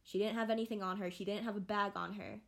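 A young adult woman hosting a casual podcast, talking in a rambling, animated way with many fillers and restarts. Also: mid-range voice, fast talker, vocal fry. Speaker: podcast host. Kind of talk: casual solo podcast chat.

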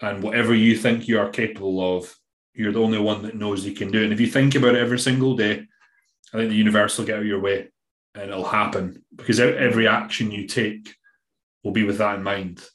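A man's voice: fairly low pitch, fairly even intonation, fast, fairly bright tone, echoey room. A Scottish man, a bodybuilding coach, talking in a rambling, emphatic way in a casual podcast interview, now and then swearing. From Scotland.

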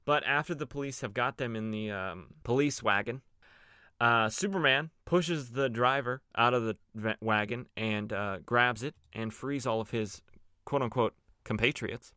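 A young man recaps old comic stories for his podcast in a loose, chatty way, full of fillers and quick asides. His voice is bright and crisp, recorded close in a dry room. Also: medium pitch, no echo. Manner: loose and chatty, many fillers, playful voices for quoted characters. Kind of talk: casual comic recap with acted quotes.

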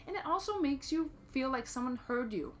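A woman's voice: high-pitched, expressive, brisk. A woman chatting casually, talking reflectively and at length. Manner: reflective, talkative, laughs often. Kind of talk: casual chat.

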